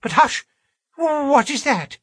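A man reading aloud, voicing a nervous, excitable gentleman in a high, hurried, anxious way. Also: breathy edge, no echo, clean studio sound, heavily acted. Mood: alarmed. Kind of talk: audiobook character reading.

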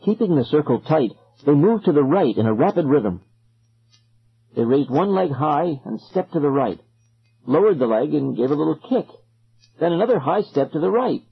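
A man narrating a story in an expressive, suspenseful way, on a dull lo-fi recording. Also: on the high side, moderate pace, husky. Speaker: audiobook narrator.

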